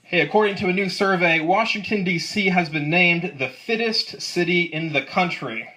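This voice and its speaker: This high-pitched, pushed and bright male voice belongs to an amateur stand-up in his twenties, chuckling at his own dry one-liners at a moderate pace. It's a live set, and the crowd can be heard laughing.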